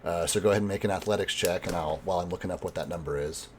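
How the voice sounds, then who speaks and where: A man running a tabletop role-playing game as game master, explaining rules in a relaxed way with fillers. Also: low voice, rapid-fire, slight background noise.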